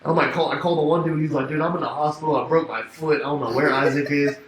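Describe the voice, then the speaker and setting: A man's voice: on the high side, quick pace, slight background noise. A young man telling a rambling party story in casual chat, swearing and laughing, acting out both sides of phone calls. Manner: swearing, laughing, animated anecdote with quoted dialogue. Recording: echoey room with faint ambience.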